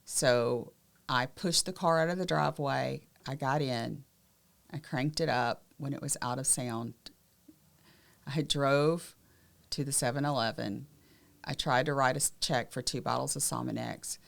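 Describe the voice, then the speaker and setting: Southern woman, low-pitched, podcast co-host giving frank emotional testimony. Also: measured pace, vocal fry. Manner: candid, emotional, drops to quiet tones. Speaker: podcast co-host sharing her survival story. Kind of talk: personal testimony in conversation.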